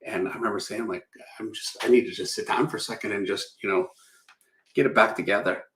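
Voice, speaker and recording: A middle-aged man with a fairly low voice hosts a casual livestream. He rambles through stories and laughs at himself. The sound bounces around a roomy space. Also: fairly even intonation, fast talker, a bit bright. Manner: rambling, self-deprecating, laughs often. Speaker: artist and livestream host. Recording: roomy echo.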